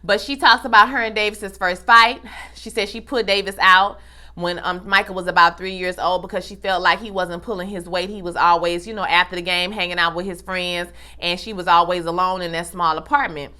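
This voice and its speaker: Bright-voiced, chatty young woman recapping TV. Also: lowish voice, brisk. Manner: animated, slangy, acts out dialogue. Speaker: TV recap vlogger. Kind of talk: casual TV episode recap.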